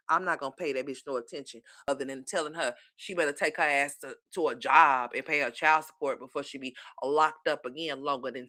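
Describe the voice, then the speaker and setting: Woman with a low voice going off on somebody, cussing and mocking, real dry sound. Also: sharp tone, no room sound. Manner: scolding, mocking and cursing. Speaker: commentary host. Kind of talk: profane commentary rant.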